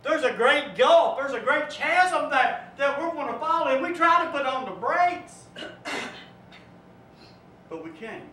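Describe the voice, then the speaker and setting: High, bright-voiced man preaching. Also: animated, measured pace, pauses often. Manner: vivid storytelling, rising and dropping to a hush. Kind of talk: sermon. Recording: echoey room, from far off, faint noise.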